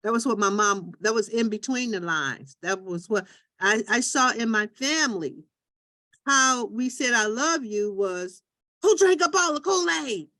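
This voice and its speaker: A woman hosting a talk show, telling lively stories and acting out what other people say. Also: medium pitch, a little slow, no echo, clean studio sound. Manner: lively storytelling, acts out voices of others. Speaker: host. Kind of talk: group talk show on listening.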